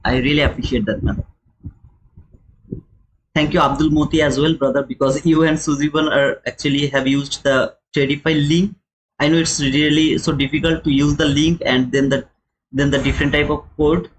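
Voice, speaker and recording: A fairly high-voiced young man with a non-native English accent talks through a live chart. He explains step by step, repeats his key points and keeps calling viewers brother, with a faint hum behind him. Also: steady tone, moderate pace, rough recording. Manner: chatty, addresses viewers as brother. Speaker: day-trading streamer. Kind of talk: live trading commentary.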